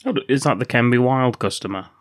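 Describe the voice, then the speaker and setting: A man's voice: mid-range voice, fairly quick, no echo. A man co-hosting a podcast, recapping a film's plot with dry, wry remarks. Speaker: podcast co-host. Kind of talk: casual film-review chat.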